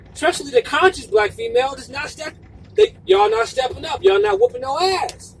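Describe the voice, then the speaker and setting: Fiery high-pitched man ranting to camera. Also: creaky, far from the mic, a little hiss or hum, low-quality recording. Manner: fervent, profane, repetitive and emphatic, sometimes shouting. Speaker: video blogger. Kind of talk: impassioned monologue to camera.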